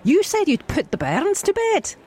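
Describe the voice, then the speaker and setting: A man's voice: extremely high pitch, huge pitch swings, normal speed, slight background noise, pitched above the performer's own voice, exaggerated voice. A man voicing a fed-up Scottish wife nagging her husband over the phone in a put-on Scottish accent. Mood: scolding. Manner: scolding, sharp.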